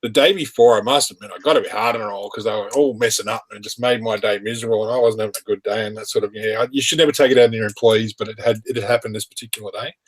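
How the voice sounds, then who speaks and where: A man's voice: on the low side, fairly even intonation, racing, few pauses, slightly rough. A man telling rambling work anecdotes in casual chat, laughing often. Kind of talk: casual chat on a live stream.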